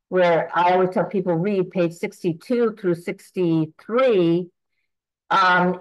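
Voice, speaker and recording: A woman's voice: lowish voice, a bit bright, rough recording. A woman of eighty giving an earnest, rambling personal testimony at a recovery meeting, with frequent restarts and fillers. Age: 80s.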